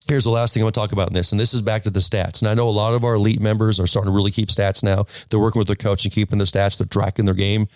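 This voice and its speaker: A golf instructor with a fairly low male voice gives a casual lesson to the camera, recorded without any room sound. He is emphatic and tells stories, restarting often and checking in with "okay?" constantly.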